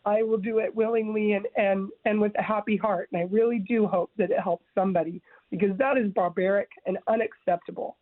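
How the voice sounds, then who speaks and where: A woman's voice: medium pitch, steady tone, fairly quick, dry recording. A woman tells her own story in an interview, earnest and emphatic, often stumbling and restarting as she presses her point. The sound is thin and phone-like. The room around her is dry and close. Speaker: guest sharing her story. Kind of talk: interview, personal testimony.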